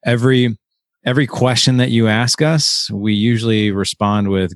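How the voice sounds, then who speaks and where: A man's voice: medium pitch, fairly even intonation, normal speed, dry recording, studio quality. A man speaking earnestly on a podcast about men's friendships, voicing imagined dialogue between friends. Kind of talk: casual podcast talk.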